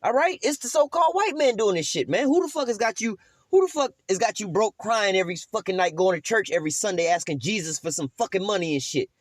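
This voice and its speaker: A man's voice: sits high, lively intonation, quick pace, dry recording. A man doing profane, preachy commentary over a video, swearing constantly and asking "all right?".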